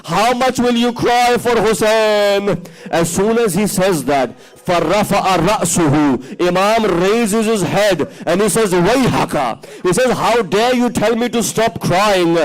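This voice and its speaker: A man's voice: sits high, moderate pace, low-quality recording. A man delivering an impassioned mourning sermon at a religious centre, his voice rising into emotional cries. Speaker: preacher reciting a majlis. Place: mosque community centre.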